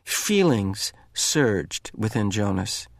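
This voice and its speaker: A man reading a novel aloud with expressive, measured narration. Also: lowish voice, creaky, dry recording, clean studio sound. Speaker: reader.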